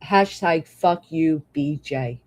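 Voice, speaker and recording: A woman's voice: sits low, takes it slowly, a little mellow. A woman livestreamer ranting bluntly with plenty of swearing, between thanking her members. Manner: blunt, profane, fired-up. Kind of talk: live stream rant and member shout-outs.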